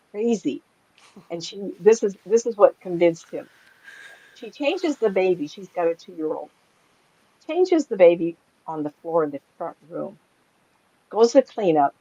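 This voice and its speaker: An older woman, a psychic medium, telling anecdotes in a chatty, animated way and laughing often as she talks. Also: lowish voice, husky, no room sound. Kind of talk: casual storytelling in an interview. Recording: dry, slightly dull lo-fi sound.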